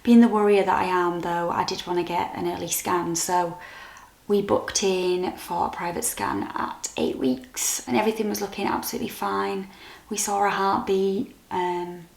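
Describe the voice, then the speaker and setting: A young British woman vlogger telling a personal story to camera in a soft, candid, halting way that turns emotional. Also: lowish voice, little pitch movement, vocal fry. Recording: echoey room.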